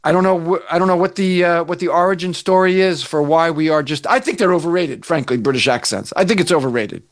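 A man's voice: a little high, quick pace, dry recording, studio quality. An American man hosting a radio interview show, chatty and wry, often restarting his sentences.

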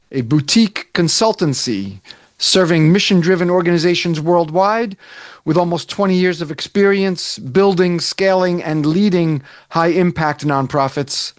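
An American man hosts an interview show in a notably high voice. He is chatty and wry and often restarts his sentences. The sound is dry and close, with no room echo. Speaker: radio show host. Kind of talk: hosting a podcast interview.

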